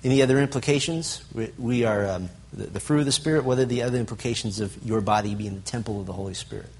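A man's voice: mid-range voice, quick pace, a little mellow. A man teaching a Bible lesson to a group, stressing lists and asking the room questions. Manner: asks the audience questions, emphatic lists.

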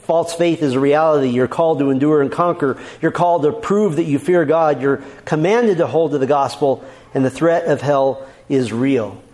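A man's voice: on the high side, moderate pace, darkish tone. A man preaching a sermon as a pastor, emphatic, repeating his key lines and quoting scripture verse by verse.

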